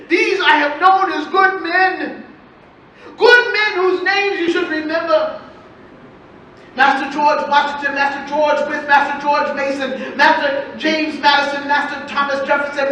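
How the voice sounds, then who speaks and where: A woman's voice: high-pitched, fairly bright tone, distant mic, slight background noise. A woman playing a defiant, grieving enslaved mother in an echoey hall. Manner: slow, impassioned, repeats phrases for weight. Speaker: storyteller in historical character. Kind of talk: live first-person historical storytelling. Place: festival stage before an audience.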